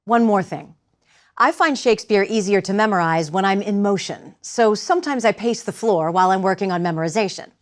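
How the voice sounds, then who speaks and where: Measured woman teaching verse. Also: mid-range voice. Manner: clear, measured, demonstrative. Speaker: acting teacher. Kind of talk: lecture with demonstrations.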